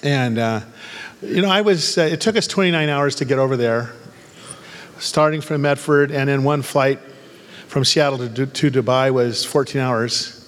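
A man's voice: medium pitch, moderate pace, big-room sound. A man preaching a sermon as pastor, mixing humorous stories with fervent, angry calls to prayer. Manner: humorous storytelling turning to fervent, angry exhortation.

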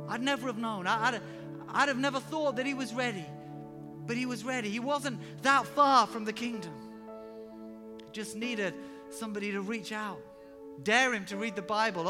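A man preaching a sermon with personal stories, emphatic and animated, sometimes rising to loud exclamations. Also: high voice. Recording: reverberant hall with music underneath.

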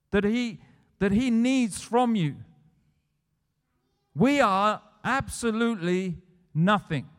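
Retelling scenes from scripture, a man preaches a sermon that builds toward emphatic declarations. His voice sits high with a fairly bright tone, and the long reverb of a church hall fills the recording.

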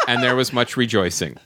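A man's voice: mid-range voice, sharp tone. A man hosting a casual podcast, reading listener comments aloud and laughing often as he goes. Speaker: podcast host.

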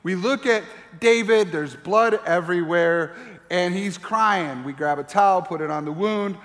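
Middle-aged male pastor, high voice, lively storytelling sermon, echoing hall. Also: unhurried. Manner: animated storyteller, acts out voices. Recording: long reverb of a large hall.

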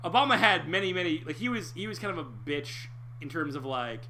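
Male podcast co-host, young adult, tense bright tone, animated and profane, slightly high-pitched. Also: fairly quick, slight background noise. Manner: animated, profane, many fillers. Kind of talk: casual chat.

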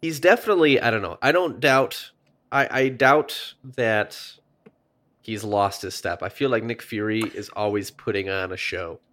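A man's voice: fairly low pitch, moderate pace, fairly bright tone. A man co-hosting a podcast, casually recapping and rambling, swearing freely. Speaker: podcast co-host. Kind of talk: casual chat.

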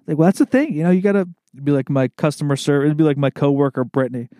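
A man's voice: fairly high pitch, fast talker, few pauses, mellow, no echo, studio quality. Casual, laid-back man hosting a podcast. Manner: loose, swearing, laughs often. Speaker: podcast host.

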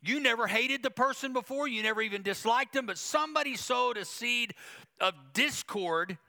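A man's voice: sits high, creaky, pushed and bright. A male pastor preaching a sermon, emphatic, with repetition and quoted asides to the congregation.

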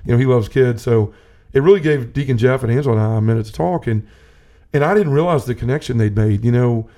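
Earnest man, mellow voice. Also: medium pitch, fast. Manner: earnest, rambling with many restarts. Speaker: podcast host. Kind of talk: personal testimony in casual talk.

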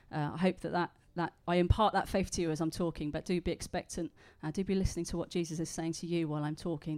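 A woman with a London accent preaches in a conversational, storytelling way, sprinkled with small fillers. Her voice sits a little low for a woman. She moves easily between talking to the congregation and reading a passage aloud. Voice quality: conversational, warm storytelling delivery with filler words. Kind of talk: sermon with read-aloud story.

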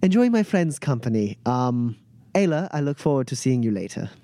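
A man's voice: mid-range voice, very animated, moderate pace, warm tone, no echo. A sly, grinning fixer, played by a man who sounds at ease and pleased with himself. He talks in a near-everyday voice. The recording is close and dry. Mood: smug.

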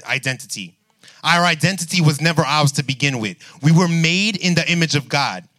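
A man delivers a sermon with a bright, sharp-edged tone. His voice sits a little high for a man. He leans on repetition to land each point. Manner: emphatic, repeats key lines. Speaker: preacher.

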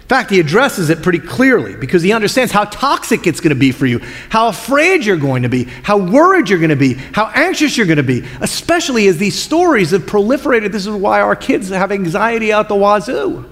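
Lively, high-voiced male preacher in a reverberant hall. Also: a little fast, few pauses. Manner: storytelling, expressive, colloquial. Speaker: pastor. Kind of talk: sermon.

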